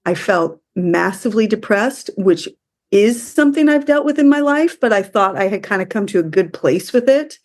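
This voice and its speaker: A woman from the US speaking as a podcast guest, emotional and halting, often restarting her sentences. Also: medium pitch, lively intonation. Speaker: interview guest. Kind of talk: conversational interview.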